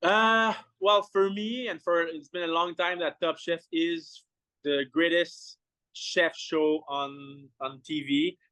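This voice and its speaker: A man with a Québécois French accent, a chef speaking English as a second language, halting with many restarts in a casual interview. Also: a little high, fairly even intonation, bright, forceful tone, dry recording. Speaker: chef guest.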